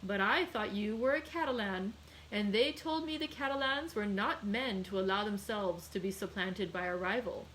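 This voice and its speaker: A woman's voice: mid-range voice, normal speed, a bit bright, a little hiss or hum, close to an everyday voice, poor audio. A woman reading aloud and voicing a jovial, half-drunk man who teases his friend in a raised, mocking voice. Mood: teasing.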